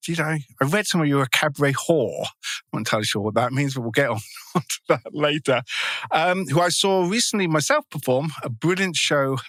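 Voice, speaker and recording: A man hosting a casual podcast interview, chatty and quick to laugh, with rambling questions. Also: on the high side, a bit bright, dry recording. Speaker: podcast host.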